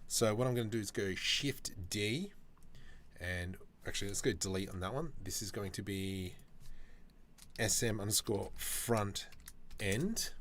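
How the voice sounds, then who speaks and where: A man's voice: fairly low pitch, measured pace, a bit bright, slight background noise. A man chatting casually on a live stream while he works, reacting to viewer comments with jokes.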